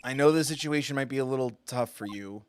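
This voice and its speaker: A man's voice: mid-range voice, quick pace, a little hiss or hum. A man streaming a game live, chatting casually and self-deprecating, laughing often. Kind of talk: casual live gameplay commentary.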